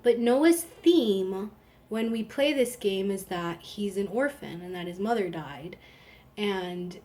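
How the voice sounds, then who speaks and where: A woman's voice: medium pitch, expressive, takes it slowly, mellow. A woman in her thirties hosting a live stream, casual and rambling, with lots of "like". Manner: chatty, rambling, frequent "like". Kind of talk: casual chat.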